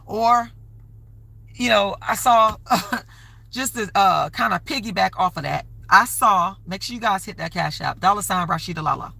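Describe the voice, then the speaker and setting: A woman's voice: mid-range voice, normal speed, gravelly, sharp tone. A woman hosting a live stream, talking casually and rambling, often stopping to ask for donations. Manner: rambling, conversational, keeps plugging donations. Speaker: livestream host.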